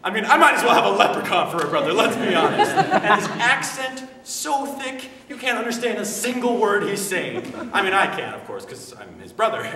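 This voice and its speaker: Animated young man in a one-man show. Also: sits high, brisk, few pauses, crowd noise. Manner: animated, self-deprecating, excitable. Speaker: solo stage performer. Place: university theater stage. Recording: echoey hall, distant mic, noise.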